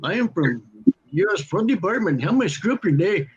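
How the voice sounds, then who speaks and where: A man's voice: high voice, very animated, brisk, breathy edge, highs cut off, heavily acted. A man putting on the voice of a fake phone scam caller, mock-formal and mischievous.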